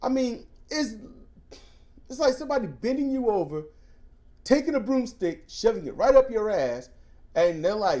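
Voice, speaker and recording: Male co-host, casual ranting storyteller, mellow dark voice, very lively pitch, mocking quotes. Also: normal speed. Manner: animated storytelling, swings into loud mocking quotes. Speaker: podcast co-host.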